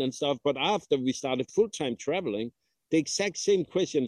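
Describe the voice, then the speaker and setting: A middle-aged man from Denmark, speaking thoughtfully in a casual interview, pausing often with "uh". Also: fairly high pitch, darkish tone, no room sound. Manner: thoughtful, with frequent "uh" pauses and small slips. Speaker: guest, traveling father.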